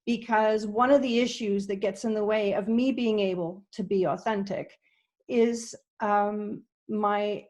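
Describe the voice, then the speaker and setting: A woman from Canada presents at a virtual conference in an earnest, halting way, frequently saying um and starting her sentences over. Heard through a video call, her voice is medium in pitch, steady, and a little mellow.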